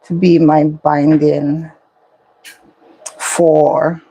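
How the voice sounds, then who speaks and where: A woman hosting a casual home cooking vlog, explaining each step in an unhurried way as she cooks in her kitchen. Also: sits low, little pitch movement, mellow, husky, dry recording, rough recording. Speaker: cooking channel host.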